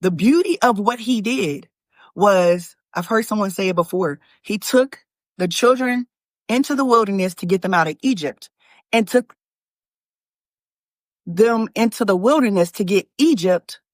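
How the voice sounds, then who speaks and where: A woman hosting her own channel, giving an animated, preachy motivational talk to viewers that she calls y'all, with frequent restarts. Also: medium pitch, a little slow, no room sound, clean studio sound. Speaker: manifestation coach and channel host.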